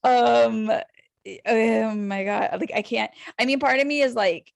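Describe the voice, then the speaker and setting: A woman in her thirties co-hosting a podcast, telling a story in casual chat, animated and full of fillers. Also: a little high, measured pace, vocal fry, no echo, studio quality. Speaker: podcast co-host.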